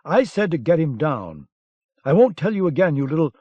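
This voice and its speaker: A man's voice: a little high, big pitch swings, normal speed, mellow, dry recording, pitched above the performer's own voice. A man voicing a sullen, hot-headed young German soldier who snarls orders, on a dull lo-fi cassette audiobook recording. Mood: snarling. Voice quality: snarling, raised voice.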